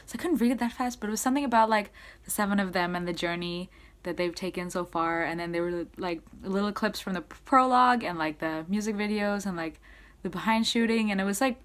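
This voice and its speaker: A young woman excitedly recapping a concert she attended, in casual rambling speech full of "like". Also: medium pitch. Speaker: concert-going fan.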